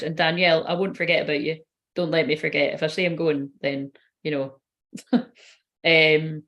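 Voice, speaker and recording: A woman's voice: on the low side, a bit bright. Chatty woman doing readings. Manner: chatty, rambling, swears casually. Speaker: tarot reader and medium. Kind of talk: casual live-stream reading.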